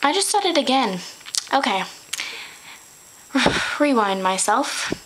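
A woman's voice: sits high, very animated, slow, noisy background. A teenage girl vlogging casually to her webcam, chatty and giggly, often stopping to correct her own slips. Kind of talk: casual chat to camera.

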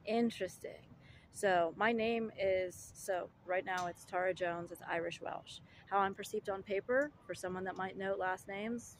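Woman ranting to camera, mid pitch, lots of ums, slight hiss. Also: low-quality recording. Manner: indignant, rhetorical, with many fillers and restarts. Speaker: vlogger. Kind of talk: argumentative monologue to camera.

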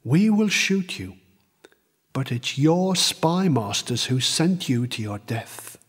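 A man doing a tired stern army major, slow and up and down, slightly husky, long echo on it. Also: mid-range voice, very animated, exaggerated voice. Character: stern middle-aged male army major. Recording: long reverb.

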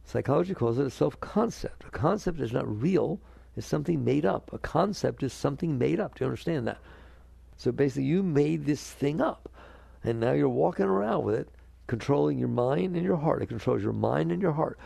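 Gravelly, animated man giving a spiritual talk. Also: on the high side, a little fast, dry recording. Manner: animated, asks the audience questions; acts out quoted inner voices. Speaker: spiritual teacher. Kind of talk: spiritual talk to a live audience.

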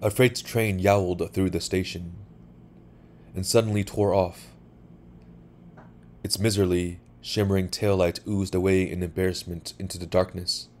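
A man reading a short story aloud for sleep, calm and measured. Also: low voice, slight background noise. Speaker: narrator.

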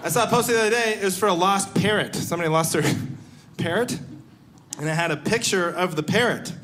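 A man's voice: high-pitched, brisk. A young man performing a stand-up comedy set on a live stage, telling stories and acting out the voices of the people in them. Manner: animated storytelling, acting out voices.

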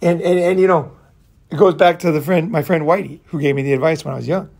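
Middle-aged guy rambling, swears a lot, kinda raspy gravelly voice, a bit high. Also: fast, a little mellow. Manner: rambling storytelling with frequent profanity and fillers. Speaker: podcast host. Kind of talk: casual monologue.

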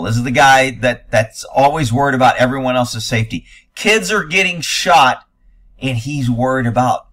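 A man's voice: mid-range voice, moderate pace, a bit bright. A man giving blunt, sarcastic, profane commentary while reacting to news footage.

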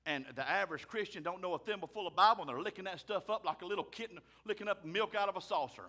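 A man, a pastor preaching a fiery sermon loudly and emphatically. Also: high-pitched, quick pace. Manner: loud, emphatic, raises his voice.

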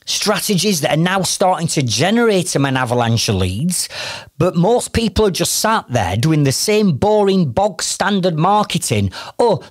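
A man's voice: high voice, no echo, clean studio sound. A middle-aged man, talking as a business coach in a blunt, exasperated, rhetorical way. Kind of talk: motivational podcast talk.

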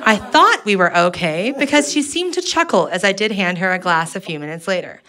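A woman doing stand-up comedy, telling a story in a sarcastic, animated way into a handheld mic on a club stage. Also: mid-range voice, fairly quick, hardly any pauses. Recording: live audience laughing around.

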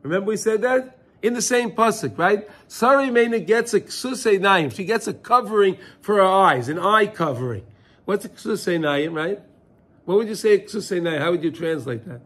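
A man's voice: high-pitched, expressive, normal speed, fairly bright tone, breathy edge. A man teaching a Torah class, often repeating words and asking his listeners questions as he explains a text. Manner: repeats words, asks listeners questions, mixes Hebrew terms.

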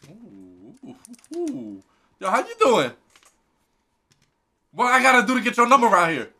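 A man streaming a video game, joking loudly, swearing and shouting his reactions. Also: extremely high pitch, huge pitch swings, a little slow. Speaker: gaming streamer. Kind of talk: comedic live game commentary.

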